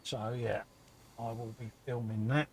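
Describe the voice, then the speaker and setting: A man's voice: medium pitch, steady tone, unhurried, a little mellow, slight background noise. A man co-hosting a casual live stream, laid-back and matey, often agreeing with his partner. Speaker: co-host of a modelling stream.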